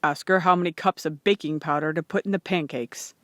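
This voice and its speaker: A woman's voice: sits low, steady tone, brisk, fairly bright tone, dry recording. Woman reading as farmer father, storybook, anxious, earnest, plain voice, dry room.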